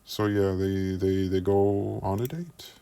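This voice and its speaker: A man's voice: low-pitched, creaky, dark tone, clean tone. A man giving investigative commentary, explaining screenshots step by step and often repeating words as he builds a point. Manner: measured, explains by walking through screenshots. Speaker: commentary youtuber.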